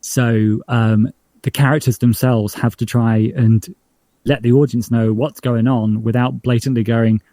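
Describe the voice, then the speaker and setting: A man's voice: medium pitch, level tone, unhurried, dark tone. A man from northern England chats through a remote interview, rambling and stopping to restart his thoughts. His voice sits mid-range, and the sound is dry and close with no room echo. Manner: rambling, hesitant, many fillers and restarts. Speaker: podcast showrunner, guest. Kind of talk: casual interview chat.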